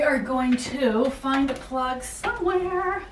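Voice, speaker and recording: Woman home vlogger, slightly high voice, playful and jokey, recorded from a distance in a room with echo. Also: normal speed, slight background noise. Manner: playful, joking, self-mocking asides. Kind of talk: casual chatty vlog while cleaning. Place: inside a house. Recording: echoey room, mic far off.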